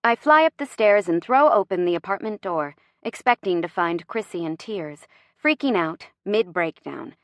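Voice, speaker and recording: A woman narrating a first-person audiobook with lively, wry storytelling. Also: mid-range voice, normal speed, no echo.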